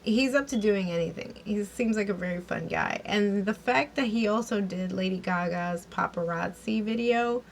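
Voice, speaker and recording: A woman's voice: mid-range voice, vocal fry, slight background noise, poor audio. A woman giving a casual recap and review of a TV episode, chatty and giggly, with lots of fillers and restarts.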